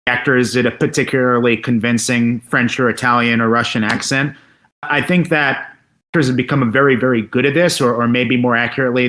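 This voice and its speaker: A man in a casual podcast discussion, articulate and measured. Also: medium pitch, fairly bright tone.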